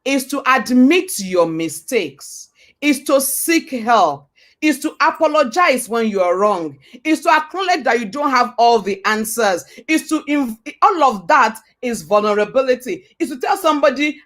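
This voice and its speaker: A woman with a fairly high voice delivers a motivational talk. She hammers each point home by repeating it and throwing rhetorical questions at the listener. Her delivery has a preacher's cadence. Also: very animated, normal speed, a bit bright. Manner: emphatic and repetitive, with rhetorical questions; preacher-like, quotes scripture. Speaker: motivational speaker.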